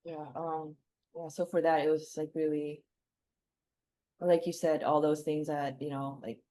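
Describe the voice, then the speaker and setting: Woman guest, low mellow voice, loose rambling talk full of fillers. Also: level tone, unhurried. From Philippines. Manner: rambling, many fillers and restarts. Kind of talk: reflective casual conversation.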